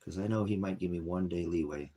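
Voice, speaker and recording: A man running an online ministry rambles wearily through his troubles in a casual personal vlog, his deep, gravelly, husky voice moving fast yet warm. He sighs often and keeps drifting from one topic to the next.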